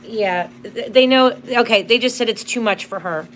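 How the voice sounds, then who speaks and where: A woman's voice: fairly high pitch, moderate pace, fairly bright tone, slight background noise. A woman hosting a live spirit box session, emotional and apologetic as she talks to the spirits, close to tears. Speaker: tarot reader and spirit box host.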